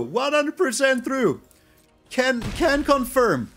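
Man, card-game commentary, excitable, very lively pitch, high voice. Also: slow, soft background music. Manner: excitable, animated, swings to loud shouts. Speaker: gaming YouTuber.

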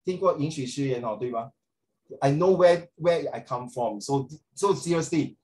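A middle-aged man with a Singaporean English accent teaches social studies in a lively, teasing way. He is openly sarcastic and slips Mandarin phrases into his English. His speaking voice sits a bit higher than most men's. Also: normal speed, low-quality recording. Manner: animated, joking, sarcastic. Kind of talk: classroom teaching.

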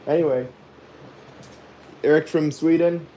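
A man hosting a live woodcarving stream, thinking aloud with many pauses and fillers and chuckling at his own jokes as he reads viewer comments. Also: on the high side, fairly even intonation, dark tone, a little hiss or hum. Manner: chuckles often, jokey and self-deprecating. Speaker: woodcarving livestream host. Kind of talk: live carving demo, chatting with viewers.

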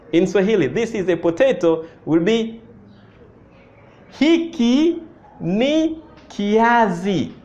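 A man's voice: sits high, darkish tone. A man with a Tanzanian accent teaching a language lesson, patient and repetitive, often checking with "you see that?". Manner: slow, patient, repeats phrases and asks "you see that?". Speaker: Swahili teacher. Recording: muffled lo-fi recording.

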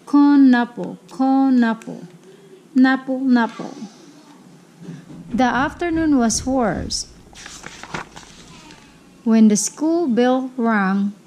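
A woman reading a children's picture book aloud, slowly and carefully. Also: fairly high pitch, warm tone, dull audio, slight background noise. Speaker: storybook reader.

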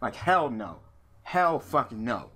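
Playing a card game on his channel, this gaming YouTuber rants through a profane story as he comments on the action. His voice sits in the mid-range, fairly bright in tone, and he speaks slowly with a sing-song lilt.

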